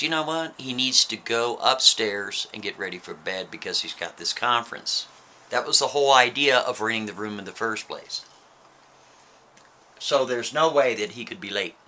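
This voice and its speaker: A man's voice: mid-range voice, normal speed, sharp tone. A man telling a story in a casual, chatty way, often checking in with the listener with "right?" asides.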